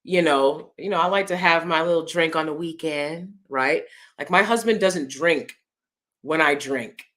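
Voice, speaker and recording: A woman hosting her own vlog, talking through celebrity news in a chatty, expressive way and laughing often. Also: low-pitched, measured pace. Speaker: vlogger host. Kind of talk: casual opinion commentary.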